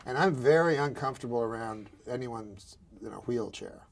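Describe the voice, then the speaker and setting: A man telling jokes in a deadpan, rambling way, now and then chuckling at his own lines. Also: mid-range voice, moderate pace. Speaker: comedian. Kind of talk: deadpan news jokes and talk-show storytelling.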